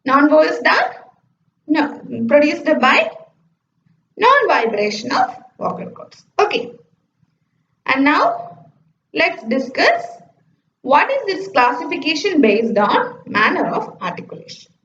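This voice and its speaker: A woman teaches at an unhurried pace. Her high voice rises and falls a lot as she explains each point. The sound is roomy and slightly muffled, like a lo-fi classroom recording. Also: wildly swooping pitch, fairly bright tone, slight background noise. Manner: explains step by step, often saying "okay". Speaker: lecturer. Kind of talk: slide-based phonetics lecture. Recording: echoey, dull lo-fi room recording.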